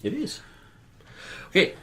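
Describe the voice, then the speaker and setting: A man's voice: slow, bright, forceful tone, a little hiss or hum. A man hosting a podcast, easygoing and explanatory as he recounts news stories in casual chat. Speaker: podcast host.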